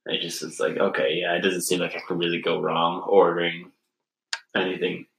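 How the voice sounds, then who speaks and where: A man chatting on a casual podcast, telling long, rambling stories in a relaxed way. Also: deep voice, fairly quick, gravelly, echoey room, poor audio. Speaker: podcast co-host. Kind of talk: casual chat.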